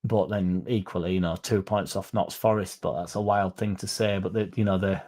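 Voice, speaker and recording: A man's voice: low voice, fairly even intonation, moderate pace, darkish tone. A young man hosting a fan stream, rambling casually, swearing now and then and reading out viewer comments. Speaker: fan channel host reading chat. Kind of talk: casual live-stream chat.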